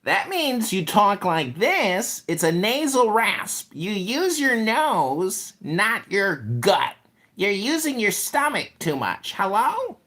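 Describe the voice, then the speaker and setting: A livestream host putting on the nasal, raspy voice of a mocking Chicago man. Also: high-pitched, very animated, takes it slowly, pushed and bright, voice pushed up, heavily acted. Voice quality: nasal rasp.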